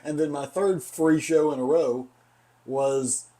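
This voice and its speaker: A man's voice: a little high, steady tone, takes it slowly, warm tone. Chatty Southern man telling stories. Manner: rambling storyteller, laughs often. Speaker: podcast co-host. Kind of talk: casual chat.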